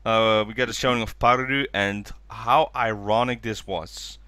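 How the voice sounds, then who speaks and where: A man co-hosting a podcast, chatting casually as he recaps a documentary, acting out quotes in higher voices. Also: steady tone, normal speed, pushed and bright, smooth, dry recording. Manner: enthusiastic, acts out quotes in high voices. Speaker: podcast co-host.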